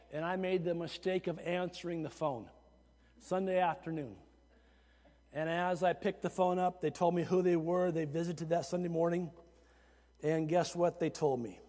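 High-pitched preacher guy, animated, chatty asides, big reverby sanctuary. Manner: animated preaching, rising to shouts. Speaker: pastor. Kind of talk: sermon. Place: church sanctuary. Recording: long hall reverb.

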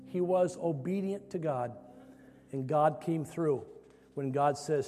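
A male preacher telling a sermon story in a dramatic way, rising to loud emphasis. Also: fairly high pitch, slow, long reverb tail, music in the background.

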